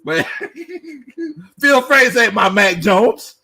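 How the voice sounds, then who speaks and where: Animated man with lively pitch. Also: gravelly. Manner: laughs often, animated, Southern slang. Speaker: sports show host. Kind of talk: casual live-stream chat reading comments.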